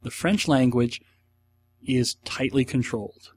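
A man's voice: medium pitch, measured pace, breathy edge. A middle-aged man hosting a casual solo podcast, answering listener questions in a rambling, enthusiastic way with rhetorical asides.

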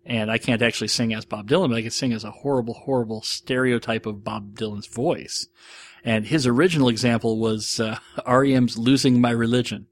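A man's voice: mid-range voice, steady tone, brisk, slight background noise. A man hosting a podcast, casually reading out and answering listener questions in a rambling, self-deprecating way. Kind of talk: casual monologue.

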